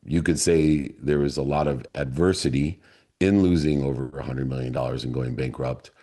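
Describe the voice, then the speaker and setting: Middle-aged male mastermind leader, husky and mellow, earnest motivational storyteller. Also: rumbling low. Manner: earnest and deliberate, lingering on key words.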